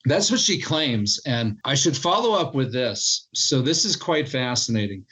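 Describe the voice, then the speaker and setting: Animated storytelling man, interview guest. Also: medium pitch, a little slow, breathy edge, rough recording. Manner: animated storyteller, quotes others in their voices. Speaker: author and historian guest.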